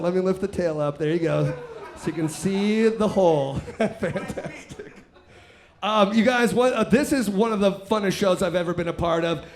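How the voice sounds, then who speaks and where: A man doing stand-up comedy on a live stage, profane and rambling, working the crowd with bursts of shouting. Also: sits high.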